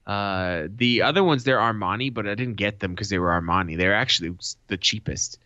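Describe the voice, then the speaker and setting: A man with a low, forceful voice tells a story on a podcast, animated and full of profanity. His voice sits close and dry on the mic. The sound is a little dull and lo-fi. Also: fairly quick, dry recording. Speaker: podcast co-host. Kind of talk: casual chat.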